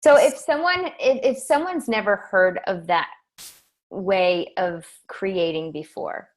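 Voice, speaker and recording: Woman host, mid-pitched, thinks aloud, tags lines with "right?". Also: takes it slowly. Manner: searching, restarts phrases, adds "right?" often. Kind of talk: conversational interview.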